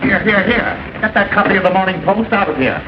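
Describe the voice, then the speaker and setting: A man's voice: high voice, expressive, brisk, highs cut off, noisy background. An actor playing a sarcastic, teasing male reporter in a press room, in an early sound film.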